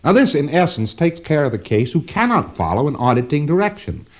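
A man's voice: fairly high pitch, big pitch swings, a little fast. Man lecturing with rambling emphasis, lo-fi tape. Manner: rambling, repeats words, emphatic. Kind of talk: informal lecture to a class. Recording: dull lo-fi tape recording.

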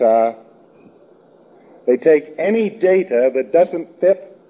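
A man giving an informal lecture in a wry, rambling, anecdotal way. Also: medium pitch. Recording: thin phone-like old recording.

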